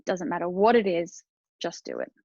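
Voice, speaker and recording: Woman guest on a podcast, bit of vocal fry, dull dry lo-fi sound, earnest. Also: fairly low pitch, huge pitch swings, normal speed, warm tone, dry recording. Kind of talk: casual interview.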